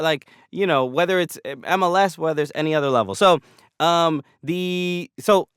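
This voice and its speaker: A man's voice: fairly high pitch, normal speed, fairly bright tone, smooth, no echo, studio quality. An American man, a comedian and podcast guest, talking in a rambling casual way with lots of restarts and fillers. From United States.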